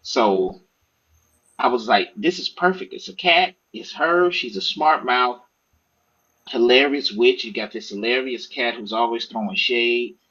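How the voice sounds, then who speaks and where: A man, an author and podcast guest, telling stories in a casual, profane, animated way and acting out what others said. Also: medium pitch, measured pace, breathy edge, muffled recording. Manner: animated, profane, acts out quoted speech. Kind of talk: casual storytelling interview.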